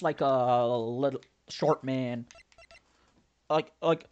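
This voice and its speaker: A man's voice: mid-range voice, expressive, a little slow. A man playing through a story game, reading the characters' lines in his own voice and breaking off to joke and theorize. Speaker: let's play commentator. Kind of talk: game playthrough reading dialogue aloud.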